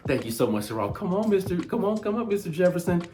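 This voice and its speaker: A man voicing a stern, condescending female schoolteacher who scolds in a prim, drawn-out way. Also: on the low side, big pitch swings, dark tone. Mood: curt.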